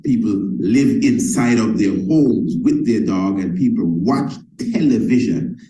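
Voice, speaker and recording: A man's voice: on the low side, lively intonation, measured pace, mellow, echoey room, rough recording. A man giving a motivational sales talk, emphatic and repetitive, calling his listeners family.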